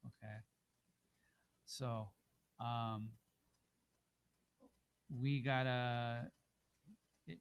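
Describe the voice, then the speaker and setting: Male teacher, mid-pitched, patient and encouraging, talking a small class through how to phrase questions. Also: a little hiss or hum, poor audio.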